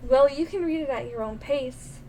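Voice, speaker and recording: A woman voicing a shy, bookish teenage girl from a visual novel, speaking softly and quietly. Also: high-pitched, moderate pace, background noise, natural voice. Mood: gentle.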